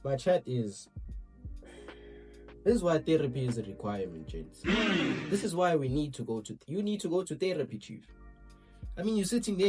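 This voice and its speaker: Lively young man reacting with slang. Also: fairly high pitch. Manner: slangy, rambling, talks to chat. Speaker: reaction streamer. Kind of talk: casual reaction commentary.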